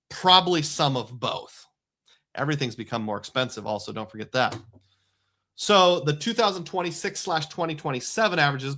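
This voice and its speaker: A man's voice: on the high side, a bit bright. A middle-aged man hosting a casual live stream, chatting loosely and reading viewer comments aloud. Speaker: livestream host.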